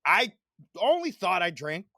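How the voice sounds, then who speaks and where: Podcast host, man, 40s, profane animated storyteller, dry close mic. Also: high voice, a little slow, dry recording. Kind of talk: casual chat.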